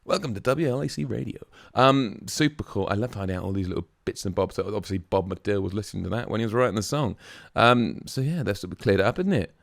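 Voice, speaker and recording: A man's voice: lowish voice, lively intonation, fast, vocal fry, few pauses, no echo. A man hosting a music reaction video, musing aloud in a casual, chatty way with plenty of fillers.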